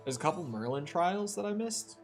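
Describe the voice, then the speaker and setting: Streaming a video game, a man from the Upper Midwest of the United States chats casually in a high, sing-song voice, a little fast. He rambles off into storytelling asides while faint game music plays behind him.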